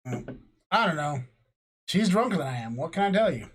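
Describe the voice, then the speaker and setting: A man's voice: on the high side, big pitch swings, a little fast, slightly rough. Profane, rambling tipsy man. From New Mexico. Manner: profane, rambling, jokey ranting. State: tipsy from drinking. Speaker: podcast host. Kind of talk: casual chat.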